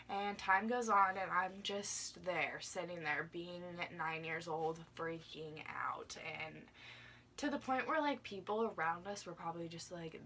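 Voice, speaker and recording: A woman's voice: lowish voice, measured pace, sharp tone, recorded from a distance, slight background noise. A young woman telling a personal story in a casual vlog, chatty and full of fillers, acting out her younger self now and then. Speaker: vlogger.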